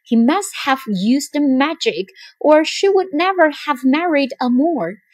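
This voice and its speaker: A woman's voice: on the high side, animated, unhurried, no room sound. A woman voicing an angry, hateful old father in a storybook reading, wailing and howling. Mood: outraged.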